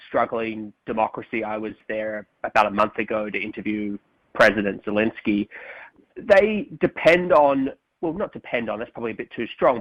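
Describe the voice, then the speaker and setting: A male political reporter, a podcast guest, explaining policy in a measured way. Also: medium pitch, fairly bright tone, rough recording. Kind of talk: explanatory interview answers.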